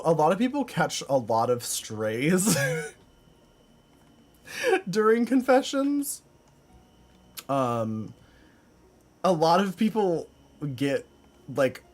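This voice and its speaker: Guy streaming from home, kinda high voice, swoops up and down a lot, rambly and laughy, lots of "like". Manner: rambling, many "like" fillers, laughs often. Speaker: live streamer. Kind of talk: casual chat with stream viewers. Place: home room.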